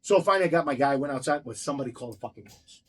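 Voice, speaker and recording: A man's voice: medium pitch, expressive, racing. A man who owns a restaurant tells a heated, profane story in an interview, blunt and swearing constantly as he acts out each exchange. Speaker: restaurant owner.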